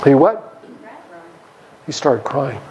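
A man's voice: mid-range voice, slow, a little hiss or hum, low-quality recording. A man teaching a church Bible study, asking the listeners questions and acting out the characters' lines. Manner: animated, acts out voices of the characters, asks the audience questions. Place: church hall.

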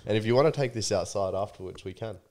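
A man's voice: fairly low pitch, quick pace, a little mellow. A young man co-hosting a sports podcast, arguing boldly and laughing easily. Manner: bold, combative, laughs easily. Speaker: podcast co-host. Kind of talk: casual banter.

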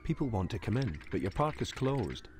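A man's voice: lowish voice, big pitch swings, moderate pace, a little mellow, slight background noise. An actor voicing a chatty male theme park advisor in a game, giving breezy instructions.

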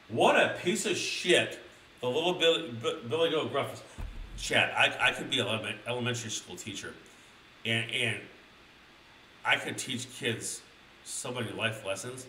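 A young man streaming a crude comedic storybook reading, excitably addressing his chat. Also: medium pitch, distant mic. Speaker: streamer reading a children's book. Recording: roomy, a little off-mic, faint noise.

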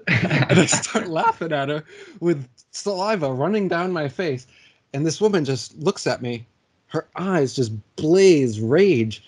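Husky man in his forties telling stories. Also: fairly high pitch, unhurried. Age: 40s. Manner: animated anecdote-telling, laughs often. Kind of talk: casual conversation, storytelling.

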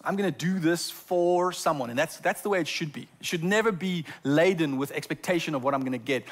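A man's voice: on the high side, fairly bright tone. A man preaching a sermon as pastor in a church, often stumbling over repeated words as he talks. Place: church sanctuary.

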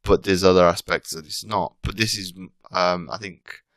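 A man's voice: sits low, steady tone, normal speed, fairly bright tone, no echo. A British man in his thirties chatting casually as an interview guest, talking in loose, rambling sentences full of restarts and self-corrections. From Britain. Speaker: podcast guest, coach.

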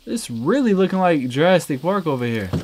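A young man giving let's-play commentary over a shooter game, excitable and slangy, talking to the game's characters and yelping loudly when he gets into fights. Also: on the high side, brisk, slight background noise. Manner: slangy, joking asides. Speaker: gaming streamer. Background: game music and gunfire.

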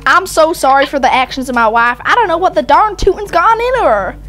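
A woman's voice: high voice, expressive, brisk, fairly bright tone, soft background music. A teenage girl doing a fake Southern drawl as a brash Texan cowgirl in game voice chat. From United Kingdom. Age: teens. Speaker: YouTuber.

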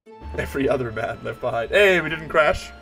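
Late-twenties male co-op streamer, relaxed and jokey, chatting to viewers over game music. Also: medium pitch, fairly quick, vocal fry. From South Africa. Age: 20s. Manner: joking, laid-back, chats to viewers. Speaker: streamer host. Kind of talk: casual live gaming banter.

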